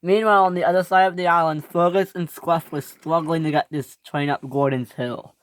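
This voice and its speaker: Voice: fairly even intonation, a little fast, noisy background. A storyteller narrating a toy train story with many restarts and self-corrections. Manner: acts out each character's lines in higher, louder voices.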